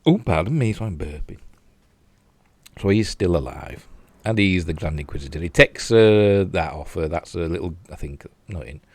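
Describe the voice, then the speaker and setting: A man's voice: low-pitched, normal speed, a little mellow, no room sound. An older man with a Yorkshire accent casually reviewing a TV episode, rambling with fillers and self-mocking asides while he replays clips. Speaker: TV show reviewer.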